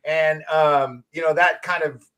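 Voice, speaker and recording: A man's voice: fairly high pitch, unhurried, smooth. Chatty man co-hosting a toy podcast. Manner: relaxed storyteller, frequent fillers. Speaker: co-host. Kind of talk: casual podcast chat.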